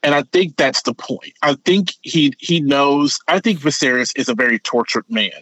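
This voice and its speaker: A man co-hosting a podcast in casual chat, rambling and animated, often repeating words as he thinks. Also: mid-range voice, moderate pace, dry recording. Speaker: podcast co-host. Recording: dull, lo-fi sound.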